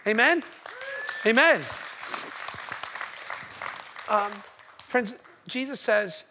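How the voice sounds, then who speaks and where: A man preaching a sermon with emphatic repetition, dropping to a hush for quoted words. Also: very high voice. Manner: emphatic, repeats phrases, drops to hushed tones for quotes. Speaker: pastor.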